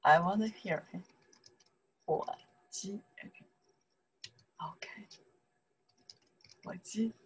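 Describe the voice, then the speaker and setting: A woman from China with a Chinese accent, teaching a casual online lesson in chatty broken English and repeating words slowly for learners. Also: mid-range voice, a little hiss or hum, poor audio.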